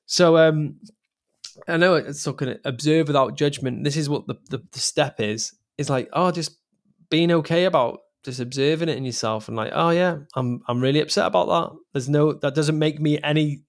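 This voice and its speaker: A man's voice: fairly high pitch, normal speed. A man co-hosting a podcast, talking in a rambling, candid and emotional way, swearing now and then. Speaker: podcast co-host. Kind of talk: casual chat.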